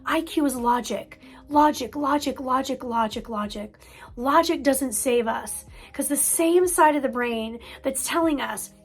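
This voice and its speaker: An earnest woman counselor explains parenting lessons in an emphatic way, often repeating a word for weight. Her voice sits high in the female range. Faint music plays softly underneath. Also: a little slow, breathy edge. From United States. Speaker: mental health counselor. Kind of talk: parent-coaching talk.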